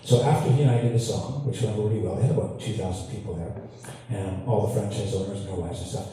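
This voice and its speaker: A man's voice: on the low side, steady tone, fast, mellow. Canadian man chatting from a roomy stage. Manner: chatty, self-deprecating, laughs through his stories. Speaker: guitarist telling stories between songs. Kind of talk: on-stage storytelling banter. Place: large hall with audience. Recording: echoey hall, distant mic, faint ambience.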